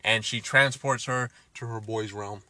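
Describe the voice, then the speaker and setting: A man's voice: lowish voice, fairly even intonation, measured pace, sharp tone. A man casually recapping a film, ranting and swearing, exasperated. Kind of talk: casual movie recap chat.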